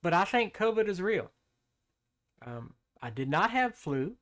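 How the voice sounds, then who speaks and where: A man's voice: high voice, big pitch swings, a little slow, a bit bright. Folksy, rambling male tech-tips host. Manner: folksy, rambling, joke-telling, apologetic. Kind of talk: casual talking-head vlog.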